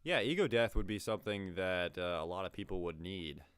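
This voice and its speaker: Man, reaction host, profane, exasperated, lively pitch, smooth resonant voice. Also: brisk, dry recording, clean studio sound, soft background music. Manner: profane, exasperated, laughing asides. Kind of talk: casual reaction commentary.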